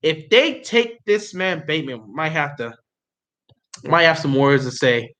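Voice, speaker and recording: A young man with a high, bright voice reacts live on his stream in loose, casual chat. He gets excitable and pleading, and repeats himself over and over. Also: a little slow. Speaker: livestreamer reacting to the draft.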